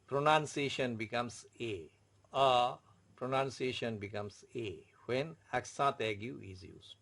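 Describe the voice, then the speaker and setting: Slow, deliberate male French tutor. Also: medium pitch. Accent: Indian English. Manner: slow, repetitive, formal teaching. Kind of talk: online language lesson.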